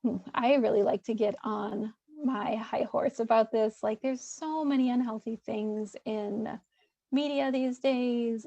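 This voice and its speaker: A woman's voice: a little high, creaky, dark tone, no room sound, dull audio. A woman therapist presenting a webinar in a loose, conversational way, with many fillers and restarts.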